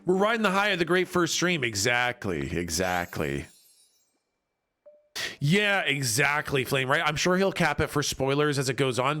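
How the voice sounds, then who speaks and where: A man's voice: medium pitch, sharp tone. A man livestreaming a video game, chatting casually, joking and reading viewer messages aloud. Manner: jokey, reads chat aloud, laughs often. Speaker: streamer. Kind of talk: casual livestream chat while gaming.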